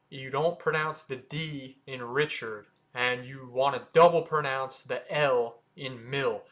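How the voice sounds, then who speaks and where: An American man hosting a watch channel, casually explaining how to say brand names, sounding them out slowly with offhand asides. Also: fairly high pitch, sharp tone. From United States. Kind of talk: casual explainer talking to camera.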